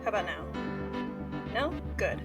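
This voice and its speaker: A woman's voice: mid-range voice, big pitch swings, unhurried, far from the mic, rough recording. A woman streamer chatting casually while reading through a game. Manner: chatty, self-deprecating. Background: game music.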